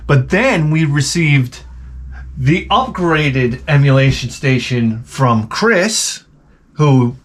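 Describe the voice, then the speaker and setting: Animated rambling man host. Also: fairly high pitch. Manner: offhand, meandering, lots of fillers and restarts. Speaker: channel host. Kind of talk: rambling casual monologue.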